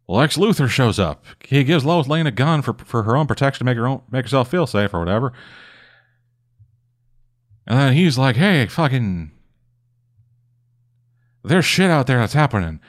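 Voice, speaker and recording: A man casually recapping a comic book on a podcast, rambling and swearing often, with dry, deadpan asides. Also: mid-range voice. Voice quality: rambling, profane, deadpan summary. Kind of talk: casual chat.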